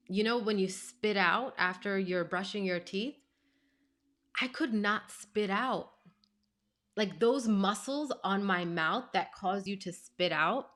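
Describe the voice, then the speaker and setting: A woman in her thirties speaking to camera as a life coach, at a medium pitch for a woman. She tells her story casually and expressively, leaning hard on "like" and "you know" and stressing the key words. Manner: chatty, fills speech with "like" and "you know"; expressive, emphatic retelling.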